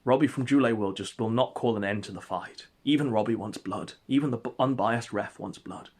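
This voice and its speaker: Husky man telling a mock-epic tale. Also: mid-range voice, brisk. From England. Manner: mock-epic, deadpan storytelling. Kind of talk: comic storytelling narration.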